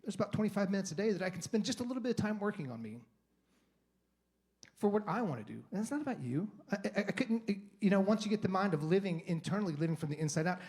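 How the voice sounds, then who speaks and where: A man's voice: sits high, expressive, fast, darkish tone. A man giving a guest sermon in a conversational, rambling way, with restarts and acted-out inner monologue. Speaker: guest speaker. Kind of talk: sermon talk. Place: church sanctuary.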